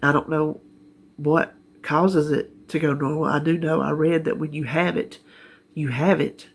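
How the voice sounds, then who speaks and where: Sitting in her living room chair, a middle-aged vlogger from North Carolina gives a health update in a Southern US accent. Her voice is low, unhurried, slightly rough and fairly even in intonation, and she rambles in a homespun way, laughing easily.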